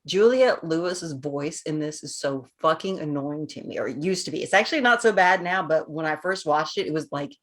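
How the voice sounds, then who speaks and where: A woman's voice: expressive, brisk, hardly any pauses, a bit bright. Chatty woman podcast host, forties. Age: 40s. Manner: chatty, laughs often between thoughts; speaks a bit higher than her natural voice. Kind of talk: casual podcast chat.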